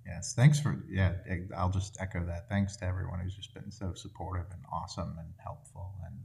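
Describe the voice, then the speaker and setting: Low-voiced male podcast co-host. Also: steady tone, a little fast, gravelly, darkish tone. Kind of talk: casual chat.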